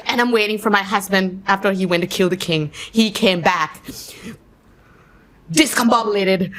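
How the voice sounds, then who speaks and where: A woman from Thailand, speaking English as a guest actress, telling lively stories, laughing often and acting out scenes. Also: mid-range voice. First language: Thai. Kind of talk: animated storytelling in an interview.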